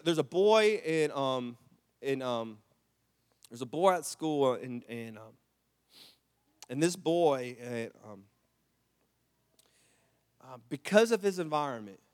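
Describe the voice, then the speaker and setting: A middle-aged man preaching a sermon, telling stories with repeated restarts and building to loud, impassioned climaxes. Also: a little high, lively intonation, a little slow, long pauses, long reverb tail. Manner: storytelling with repetitions and restarts. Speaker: pastor.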